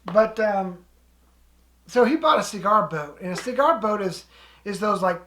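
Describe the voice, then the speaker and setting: A woman's voice: mid-range voice, expressive, a little slow, fairly bright tone. A woman casually telling a story in a chatty, rambling way, with frequent restarts. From living in Alaska. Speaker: co-host.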